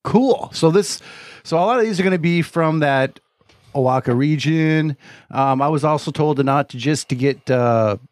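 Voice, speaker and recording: A man's voice: a little high, moderate pace, dry recording, clean studio sound. Laid-back man hosting a drinking chat. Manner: laughing, stumbles over place names. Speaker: podcast host. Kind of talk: casual chat.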